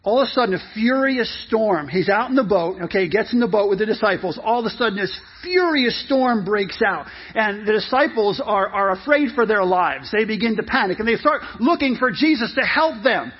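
High-voiced husky male pastor preaching. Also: fairly quick, few pauses. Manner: animated storytelling, emphatic. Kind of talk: lively sermon. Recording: muffled lo-fi recording.

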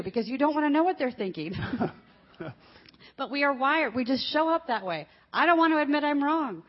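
A woman's voice: fairly high pitch, lo-fi sound. Chatty older woman telling a family story. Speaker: guest speaker. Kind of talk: sermon testimony. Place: church stage. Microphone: handheld microphone.

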